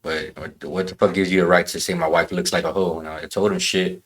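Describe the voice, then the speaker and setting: A man in a casual podcast chat, telling a story in rough, profane language. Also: sits low, little pitch movement, a little fast, a bit bright.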